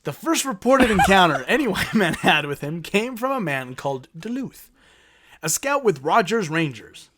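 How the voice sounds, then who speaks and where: A man's voice: high-pitched, very animated, moderate pace, bright, forceful tone, a little hiss or hum. A man hosting a casual podcast, reading strange local history aloud, tripping over words and swearing. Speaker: podcast host.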